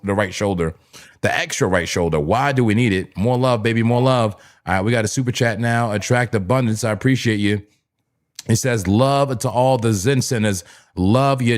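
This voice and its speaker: A man from New Jersey hosting a live crypto trading stream, talking in a hyped, repetitive, chatty way to his viewers. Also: mid-range voice. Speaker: livestream crypto trading host. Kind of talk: casual live-stream commentary.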